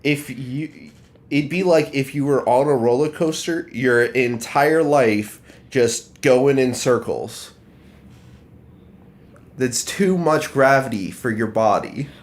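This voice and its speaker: A man's voice: mid-range voice, slow. A man co-hosting a casual book podcast, tossing in offhand facts and teasing jokes. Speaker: podcast co-host.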